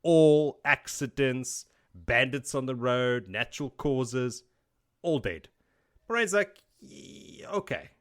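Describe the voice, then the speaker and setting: A man co-hosting a casual book-discussion podcast, retelling the plot in an animated way and slipping into quick character voices. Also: mid-range voice. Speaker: podcast co-host.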